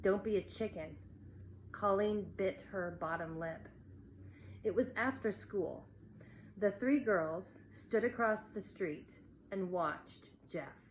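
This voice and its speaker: A woman teacher reading a children's novel aloud in a slow, deliberate storytelling manner. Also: medium pitch, a little hiss or hum. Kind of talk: read-aloud narration.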